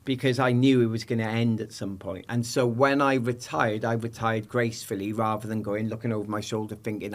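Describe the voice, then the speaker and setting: A middle-aged British man, a podcast guest, telling lively anecdotes in casual chat and acting out the people in them. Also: on the low side, a little fast, hardly any pauses.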